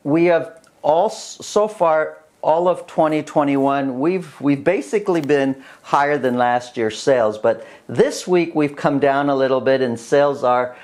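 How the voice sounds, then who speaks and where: A middle-aged man, a realtor, talking casually to camera through a market report, animated and full of restarts. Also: a little high, unhurried. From Canada. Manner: animated, chuckling storyteller with many restarts.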